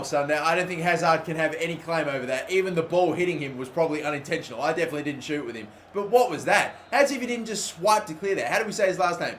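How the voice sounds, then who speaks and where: A young man giving live commentary over a football video game, excitable and swearing loudly at the game. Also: a little high, fast talker, hardly any pauses, a little hiss or hum. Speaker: gaming YouTuber.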